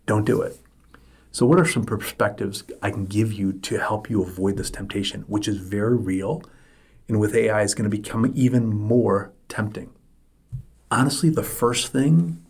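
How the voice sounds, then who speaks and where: A man's voice: fairly low pitch, a little mellow, slightly rough. A middle-aged man hosting a solo podcast, talking emphatically and repeating his points for stress. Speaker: podcast host.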